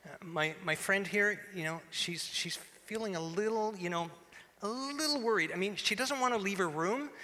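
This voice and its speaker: A man plays a flustered organizer who hurries everyone along and trips over his words. His voice is high and bright. A long hall reverb trails behind him. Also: a little hiss or hum. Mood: hurried. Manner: hurried, stammering. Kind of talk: live church camp skit.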